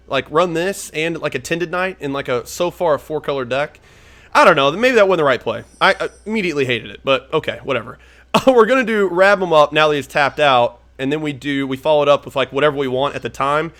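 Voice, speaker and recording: A young man talking his way through a card game, swearing freely and rambling as he weighs each play. His voice sits a little high for a man. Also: a bit bright. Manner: rambling, profane, thinking aloud. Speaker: gaming YouTuber. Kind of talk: casual gameplay commentary.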